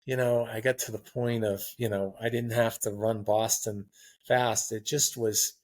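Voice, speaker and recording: A man in his sixties chatting as a podcast guest, telling long rambling stories in a relaxed, anecdotal way. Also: fairly low pitch, measured pace. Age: 60s. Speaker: guest marathon runner. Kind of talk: casual interview chat.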